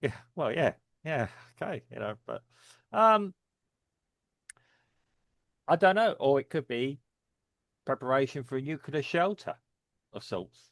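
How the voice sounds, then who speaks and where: A man's voice: mid-range voice, lively intonation, measured pace, gravelly, long pauses, a bit bright, no echo. A man co-hosting a casual discussion, rambling with many fillers and frequent chuckles. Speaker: podcast co-host.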